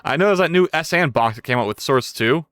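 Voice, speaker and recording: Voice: medium pitch, animated, quick pace, fairly bright tone, no room sound. A live streamer thinking aloud while coding, who is playful with viewers and yelps and swears when things break. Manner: playful, chats with viewers between tasks.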